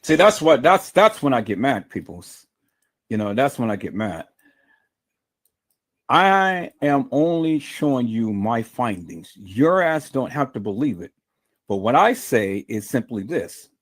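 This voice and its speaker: A man's voice: medium pitch, sing-song, unhurried. A man hosting his own livestream, delivering an angry, profane, combative rant full of stammering restarts. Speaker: livestream host. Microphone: streaming mic.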